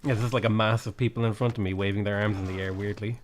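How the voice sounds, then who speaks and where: A man's voice: lowish voice, fairly even intonation, rapid-fire, slight background noise. A man hosting a casual multiplayer game stream, explaining game mechanics and laughing easily. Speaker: streamer host. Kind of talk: casual gaming chat.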